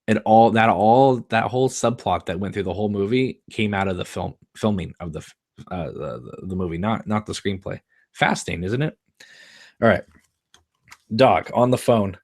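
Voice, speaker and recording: Guy reading a screenplay on a livestream, matter-of-fact, lowish voice, trips on words now and then. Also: moderate pace, a little mellow. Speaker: host reading a screenplay aloud. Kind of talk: live-stream script reading.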